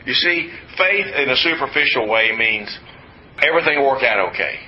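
A man from West Texas preaching a sermon in an emphatic, repetitive teaching manner with folksy asides. His voice sits at an ordinary middle pitch. The recording is slightly muffled with a faint background hiss. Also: expressive, moderate pace. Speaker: pastor.

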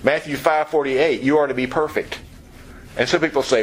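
A man's voice: on the high side, normal speed, a little hiss or hum, low-quality recording. A man preaching a sermon, emphatic and direct, often asking his listeners rhetorical questions.

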